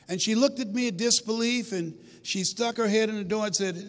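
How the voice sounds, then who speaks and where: A man tells stories to a live audience as a motivational speaker, moving from near-whispers to shouts. His voice is high for a man. It rings out in a long hall reverb. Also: brisk, hardly any pauses. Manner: dramatic, swings from hushed to shouting. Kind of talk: storytelling speech to a live audience.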